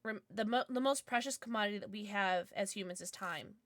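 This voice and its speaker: A woman's voice: mid-range voice, fairly quick, fairly bright tone, no echo. A young adult woman streaming live and chatting with her viewers, bubbly and giggly, with lots of "like". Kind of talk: casual livestream chat, reading chat.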